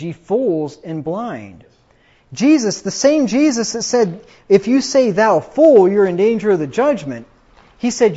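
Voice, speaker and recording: A man preaching a sermon, quoting scripture emphatically and getting louder on the quotes. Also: sits high, husky. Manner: emphatic, rises loud when quoting scripture. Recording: dull lo-fi recording.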